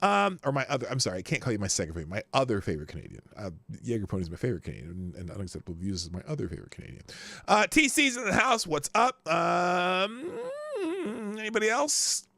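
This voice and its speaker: Chatty livestream host, bright and lively. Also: male voice, medium pitch, fast talker, creaky, no echo. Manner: rambling, chatty, greets viewers by name; self-interrupting, trails off mid-sentence. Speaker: livestream news show host. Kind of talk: casual livestream chat.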